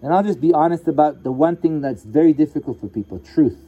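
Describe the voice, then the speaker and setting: A man's voice: fairly high pitch, fast talker, mellow, muffled recording. A man teaching yoga at a live gathering, telling a story in a casual way and acting out the characters' lines. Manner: casual storytelling with voiced asides. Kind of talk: live satsang talk.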